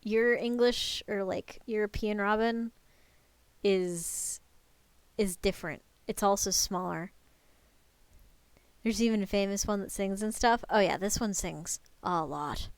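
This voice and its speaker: A woman's voice: medium pitch, unhurried, pauses often, clean tone, dry recording. A woman in her twenties giving a casual live-stream lecture, chatting with viewers and swearing freely.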